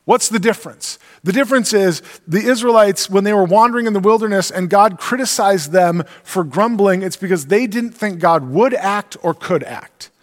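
Earnest preacher in an echoing hall. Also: male voice, high-pitched, moderate pace, hardly any pauses. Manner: earnest, emphatic teaching voice. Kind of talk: sermon with scripture reading. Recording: long reverb of a large hall.

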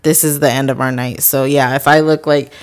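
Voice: mid-range voice, flat delivery, a little fast. A podcast co-host chatting at home at night, teasing bluntly, swearing and laughing often. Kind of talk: casual chat.

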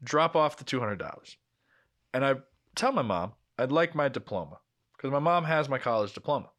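A man in his twenties telling an animated story in casual podcast chat, swearing freely. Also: mid-range voice, fairly quick. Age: 20s. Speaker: podcast co-host.

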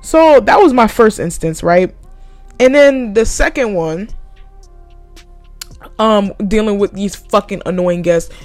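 A woman's voice: mid-range voice, takes it slowly, long pauses, faint music behind. A young woman telling a story about her retail job in a casual, heated rant full of swearing. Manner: profane, heated and animated.

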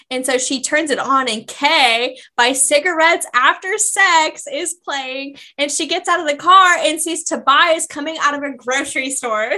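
Young female podcast co-host, high and bright, giggly and emotive casual chat. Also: lively intonation, moderate pace. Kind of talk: casual book recap chat.

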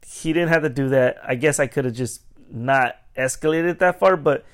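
A man's voice: mid-range voice, moderate pace. A man hosting a podcast, telling a story in a casual, rambling way with plenty of swearing. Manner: animated, profane, rambling. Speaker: podcast host.

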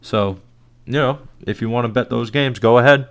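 A man's voice: medium pitch, normal speed, a bit bright, clear, resonant tone. A man hosting a casual sports talk show, chatty and blunt, laughing often as he gives his picks. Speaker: podcast host.

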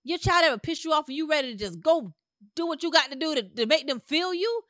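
A woman's voice: high voice, animated, fast, pushed and bright, no room sound, studio quality. A woman hosting a podcast, giving an emphatic motivational monologue in a conversational, repetitive way. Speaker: podcast host.

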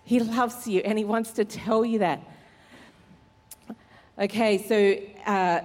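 Aussie lady pastor, chatty earnest sermon, mid pitch, echoey church hall. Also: darkish tone. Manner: conversational, earnest preaching with fillers. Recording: long hall reverb in church.

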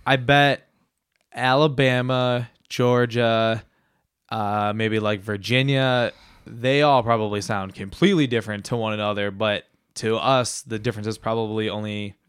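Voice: medium pitch, fairly even intonation, measured pace, clear, resonant tone, dry recording, studio quality. A podcast co-host in casual chat, with a laid-back, wry manner and frequent chuckles.

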